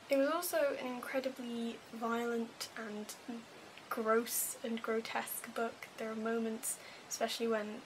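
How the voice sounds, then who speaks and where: A woman's voice: a little high, noisy background. A woman with a posh English accent giving a chatty, wry, self-deprecating book review. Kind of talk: casual book review vlog.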